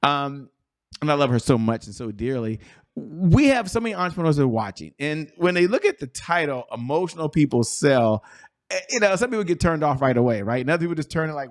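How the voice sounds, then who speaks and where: A man hosting a business talk show, energetic and playful, stretching words for emphasis. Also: on the high side. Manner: hyped, playful, drawn-out emphasis. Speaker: show host.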